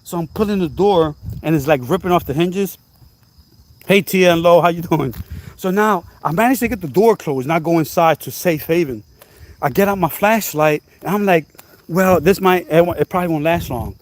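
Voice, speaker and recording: A man vlogging outdoors at night, telling a story in an animated, repetitive, exclaiming way, now and then coughing. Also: a little high, moderate pace. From New Jersey. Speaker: channel host. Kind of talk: casual storytelling vlog.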